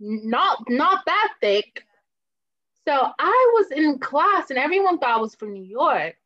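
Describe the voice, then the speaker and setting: Woman in her 30s from Boston, guest chatting, lively tale-teller, slightly hoarse, a bit high, muffled lo-fi recording. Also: unhurried. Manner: animated storyteller, laughs often. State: slightly hoarse, clearing throat. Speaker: podcast guest. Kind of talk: casual chat.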